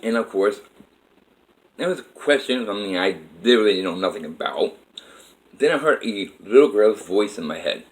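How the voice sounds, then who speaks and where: A man's voice: on the low side, expressive, moderate pace, poor audio. A man telling a personal story in a rambling, emphatic way with many fillers.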